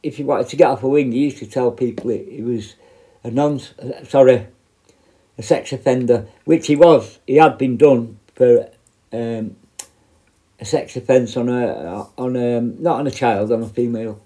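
A man's voice: medium pitch, moderate pace, warm tone. A man with a British accent, a former prison officer, telling a rambling, heavily profane anecdote in a blunt, casual way.

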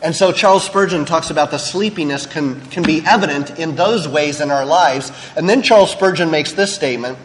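A man's voice: on the high side, brisk, few pauses, slight background noise. Man preaching in an echoey hall. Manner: candid, conversational preaching with asides. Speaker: pastor. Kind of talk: sermon.

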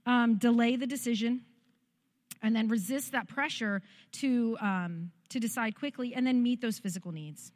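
A middle-aged woman preaching to her church in an earnest, direct way. She speaks plainly and practically and now and then acts out everyday quotes. Her voice sits at an ordinary middle pitch for a woman. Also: a little mellow. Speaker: pastor. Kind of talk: sermon.

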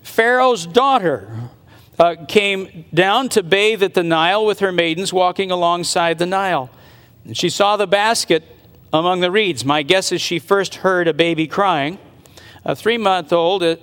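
Man, high voice, preacher, earnest dramatic storytelling, long hall reverb. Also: a bit bright. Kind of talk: sermon retelling a Bible story.

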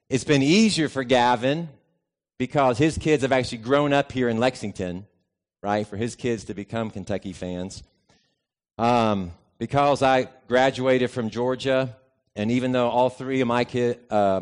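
A middle-aged man, a pastor, giving a sermon in a conversational, easygoing way, telling a personal story and pausing often. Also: medium pitch. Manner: conversational and easygoing, with frequent pauses.

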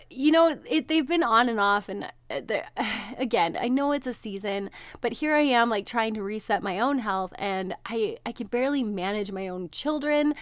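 A woman's voice: a little high, lively intonation, normal speed, no room sound. Woman in her thirties, podcast host, candid and chatty, laughs often, dry close sound. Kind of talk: personal chat to listeners.

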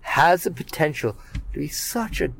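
A man's voice: fairly high pitch, animated, normal speed, vocal fry, a bit bright, a little hiss or hum. A man co-hosting a casual wrestling podcast, rambling with many fillers and restarts. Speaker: podcast co-host.

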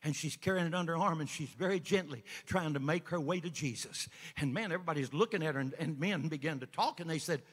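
A man's voice: fairly high pitch, fast talker, few pauses, slightly rough, long reverb tail. Folksy evangelist man preaching. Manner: folksy storytelling that builds to shouting. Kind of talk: sermon. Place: church sanctuary.

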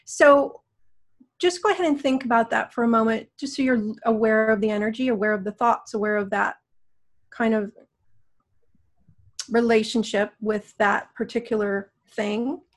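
A middle-aged woman guiding a healing session with slow, soothing, coaxing prompts. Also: on the high side, fairly even intonation. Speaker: energy healer guiding a session.

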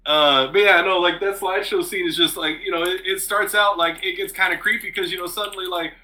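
Bright-voiced man, excited swearing storyteller. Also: high voice, brisk, hardly any pauses, rough recording. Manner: animated, swears freely, laughs often. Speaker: podcast co-host. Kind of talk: casual chat.

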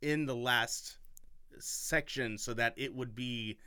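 A man's voice: medium pitch, takes it slowly, sharp tone, clear, resonant tone, no room sound, clean studio sound. A man hosting a podcast in casual chat, rambling, self-mocking and enthusiastic. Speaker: podcast host.

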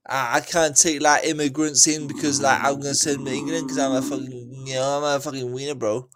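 A man's voice: mid-range voice, level tone, a little fast, lightly acted. A man mocking a whiny cowardly politician. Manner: sneering mockery. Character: whiny self-pitying male politician, mocked. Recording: noisy background.

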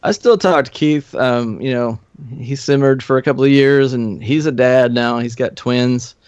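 A middle-aged man, a podcast guest, telling old band stories in a relaxed, profane, laughing way. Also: mid-range voice, normal speed, smooth, no room sound. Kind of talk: casual storytelling. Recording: slightly muffled dry studio recording.

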